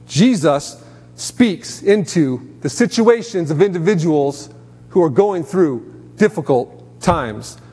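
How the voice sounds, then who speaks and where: A man's voice: fairly high pitch, expressive, slow pace, a little mellow, slightly rough. A man preaching a sermon, emphatic, lifting his voice sharply on quoted commands. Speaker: pastor. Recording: long hall reverb.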